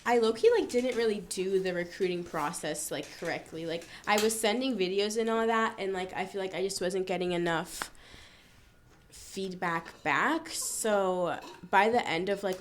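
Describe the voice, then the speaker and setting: A woman's voice: fairly low pitch, slight background noise. Young woman, casual and filler-heavy. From Florida. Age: young adult. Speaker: student-athlete guest. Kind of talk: casual interview chat.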